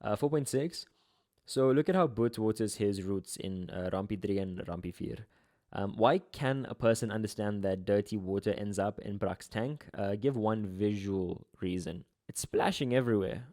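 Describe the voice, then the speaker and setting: A young man, tutoring through an exam paper in a relaxed, slangy, chatty way. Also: fairly low pitch, moderate pace. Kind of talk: casual exam walkthrough.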